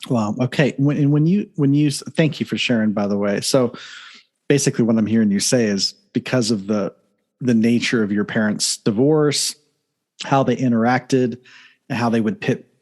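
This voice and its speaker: A man hosting a podcast, giving a halting, filler-heavy introduction and then an energetic, upbeat interview. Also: mid-range voice. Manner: loud, upbeat greeting after a quieter, halting intro. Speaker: podcast host.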